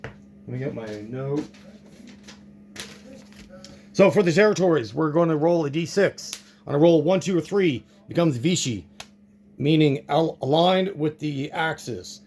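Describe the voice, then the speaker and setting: A man's voice: fairly high pitch, lively intonation, unhurried, long pauses, a little mellow. A man narrating his own board game play-through, thinking aloud and reacting to dice rolls.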